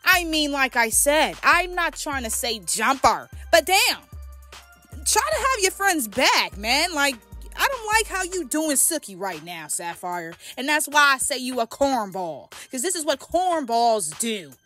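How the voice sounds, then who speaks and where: A woman giving a casual, animated and profane recap of a reality show, full of opinions. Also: high-pitched, unhurried, soft background music. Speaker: reality TV commentator.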